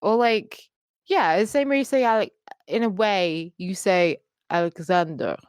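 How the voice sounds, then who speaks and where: A woman's voice: mid-range voice, unhurried, clear, resonant tone, dry recording. A woman co-hosting a podcast, chatting casually, swearing and acting out quotes in shifting voices. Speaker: podcast co-host. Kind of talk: casual chat.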